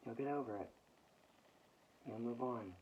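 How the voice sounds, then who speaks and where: A man speaking a reflective monologue in a halting way, with long pauses between phrases, on dull lo-fi audio with faint background ambience. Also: mid-range voice, a little mellow, a little hiss or hum.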